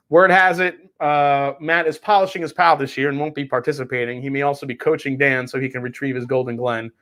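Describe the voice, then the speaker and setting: A man's voice: mid-range voice, fairly even intonation, normal speed, fairly bright tone. A man hosting a whiskey livestream in casual chat, rambling with restarts and swearing freely while reading chat messages. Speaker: whiskey show host.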